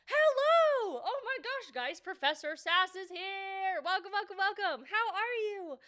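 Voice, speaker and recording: A bubbly woman streamer with a high, slightly nasal voice and a bright, sharp edge, chatting casually with her viewers. She greets each chatter by name in easy, playful back-and-forth. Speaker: livestreamer. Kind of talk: casual livestream chat.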